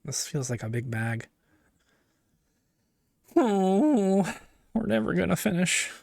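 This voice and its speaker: A man chatting casually on a livestream while he builds, in rambling, self-mocking asides. His voice sits a touch high for a man and is recorded dry, with no room sound. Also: sing-song, takes it slowly, vocal fry, a little mellow, dry recording. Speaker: streamer.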